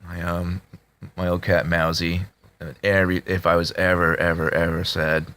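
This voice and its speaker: A man talking casually to his subscribers, halting with many fillers and restarts, in a flat tone that can sound annoyed. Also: deep voice. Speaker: video creator talking to subscribers. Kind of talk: casual confessional talk to camera.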